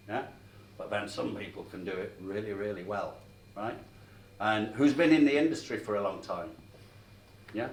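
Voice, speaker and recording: Lowish guy doing sales training, chatty, keeps asking the room yeah? right?, echoey room, mic far off. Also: normal speed, pauses often, a little hiss or hum. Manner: chatty, checks in with the room often. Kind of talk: storytelling sales training talk.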